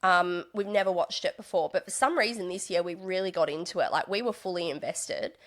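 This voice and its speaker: A young woman in casual interview chat, chatty and animated, slipping into exaggerated voices when she quotes people. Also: fairly low pitch, fairly quick. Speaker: podcast guest, reality TV contestant and stand-up comedian.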